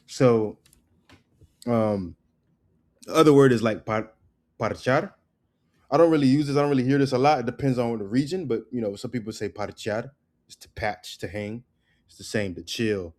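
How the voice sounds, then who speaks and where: A man from the United States giving a casual spoken lesson on slang, relaxed and loose, repeating words slowly and often asking "right?". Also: on the low side. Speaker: language teacher.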